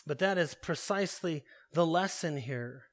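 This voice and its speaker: A man preaching a sermon, slow and deliberate, repeating his key phrases for weight. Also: a little high.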